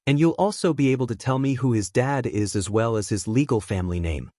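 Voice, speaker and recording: A blunt, sarcastic teenage boy voiced by a man speaks in a flat, deadpan tone with a cutting edge. The voice sits at an ordinary middle pitch. It is recorded close and dry. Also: fairly quick, no room sound, natural voice. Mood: deadpan anger.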